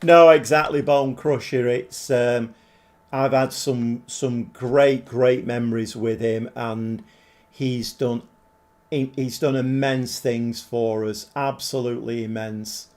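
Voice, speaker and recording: Slow, rambling man in his seventies. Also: medium pitch, fairly even intonation, a little mellow. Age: 70s. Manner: rambling, chatty, thinks aloud, answers viewers. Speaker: gaming livestreamer. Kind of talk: live game commentary and chat.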